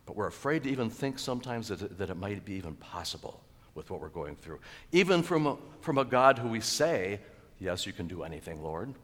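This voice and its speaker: A male pastor preaching a sermon in a church, animated and chuckling, with sudden loud exclaimed quotes. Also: lowish voice, brisk, big-room sound. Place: church sanctuary.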